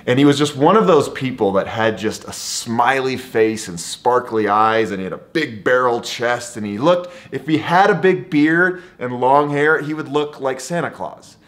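Man, travel vlogger, enthusiastic, conversational, mid-pitched voice. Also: expressive, moderate pace, hardly any pauses, a bit bright. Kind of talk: storytelling to camera.

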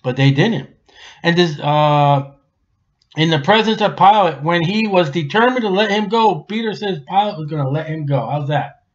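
A man with a high voice preaches a Bible sermon in a folksy, conversational way. His delivery swings between loud exclamations and hushed asides. The recording sounds dull and lo-fi. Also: lively intonation, normal speed. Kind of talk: expository sermon.

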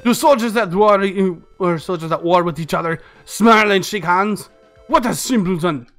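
A man's voice: high voice, moderate pace, fairly bright tone, soft background music. A man voicing a cold, stern young soldier with a put-on Russian accent, reading game dialogue in a curt, scornful way. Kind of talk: game dialogue read aloud.

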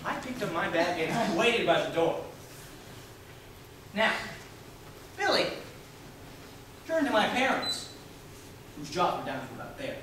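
A high-voiced, intense teenage son, played by a young actor on stage, swinging between hushed confession and loud theatrical bursts. He sounds far off in a very echoey theatre hall, with a clear hum of room noise behind him. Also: very animated, unhurried, pauses often. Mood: feverish. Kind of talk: live stage acting. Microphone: distant room mic.

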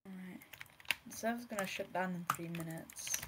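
A woman's voice: fairly low pitch, normal speed, heavy background noise. A British woman streamer chatting casually while playing, playful and full of swearing and slang. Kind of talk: casual gaming chat. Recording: game music playing behind.

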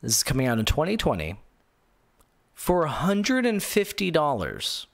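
A man's voice: on the high side, huge pitch swings, normal speed, gravelly. A male gaming show host ranting live, sarcastic and incredulous, rambling through restarts and reading viewer comments aloud. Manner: rambling with many restarts and fillers. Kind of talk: live-streamed gaming rant.

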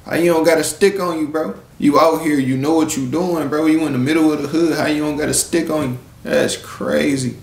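A man's voice: on the high side, steady tone, brisk, few pauses. Blunt slangy man ranting, echoey room. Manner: blunt, preachy street slang, repeats "bro". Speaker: live-stream commentator. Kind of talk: casual commentary rant.

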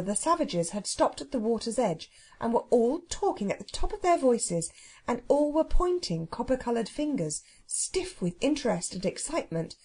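A woman reading a children's storybook aloud, expressive and measured in her delivery. Her voice sits a little high, moves in lively curves, and has a slightly husky grain. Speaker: audiobook narrator.

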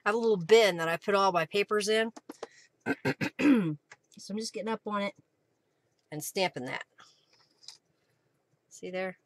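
A woman hosting a live craft stream, chatting casually, thanking viewers by name and often clearing her throat. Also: medium pitch, measured pace, long pauses, slight background noise.

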